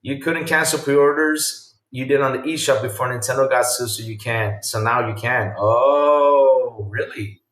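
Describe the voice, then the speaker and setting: A man hosting a casual live-streamed podcast, reacting with loud exclamations and reading viewer chat aloud. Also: mid-range voice, steady tone, unhurried, hardly any pauses, echoey room, recorded from a distance.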